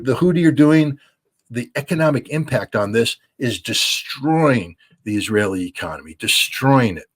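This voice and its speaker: A man's voice: mid-range voice, husky. A man giving blunt, emphatic interview commentary as a military analyst, repeating his points for stress. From United States.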